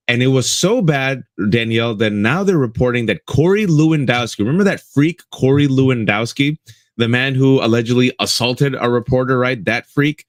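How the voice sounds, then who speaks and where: A man's voice: medium pitch, expressive, normal speed, no echo, studio quality. A man co-hosting a live political talk show, giving impassioned commentary and addressing listeners as folks, repeating lines for emphasis. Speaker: co-host.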